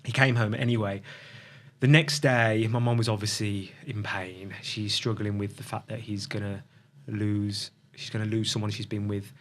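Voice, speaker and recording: Middle-aged male guest, low-pitched, halting storyteller. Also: level tone. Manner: reflective, halting, with restarts and pauses. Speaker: podcast guest. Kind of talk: emotional personal storytelling.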